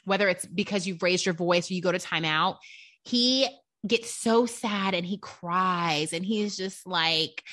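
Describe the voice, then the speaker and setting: A woman's voice: lowish voice, measured pace, a bit bright. A young adult woman, a mother co-hosting a parenting podcast, talking reflectively and thinking aloud. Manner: reflective, thinks aloud, acts out her kids' voices. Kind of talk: casual chat.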